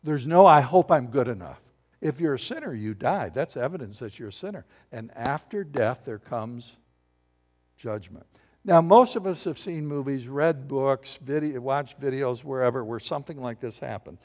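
Animated pastor preaching in a reverberant hall. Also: male voice, medium pitch, normal speed. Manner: animated, joking with the congregation. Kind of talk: sermon.

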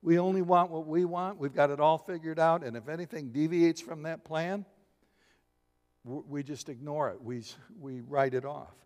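Guy preaching in a big echoey hall, kinda high voice, jokey, does little voices for the story. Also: moderate pace. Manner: humorous, animated storytelling with voices. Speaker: pastor. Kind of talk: sermon. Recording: long hall reverb.

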